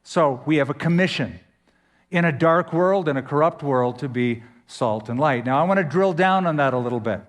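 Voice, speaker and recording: A man preaching a sermon as pastor, emphatic, with dramatic pauses and sudden swings in pitch. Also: in a large hall.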